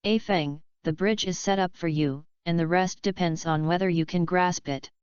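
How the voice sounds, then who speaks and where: A woman's voice: fairly low pitch, steady tone, moderate pace, darkish tone, smooth, no room sound, natural voice. A woman voicing a scheming middle-aged father from a wealthy family, pushy and eager, in a dull lo-fi recording.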